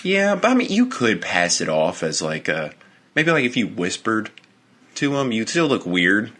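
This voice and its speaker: A man's voice: on the low side, sing-song, moderate pace, a bit bright. A young man co-hosting a casual podcast, rambling and swearing as he acts out imagined exchanges. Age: young adult. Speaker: podcast co-host. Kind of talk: casual chat.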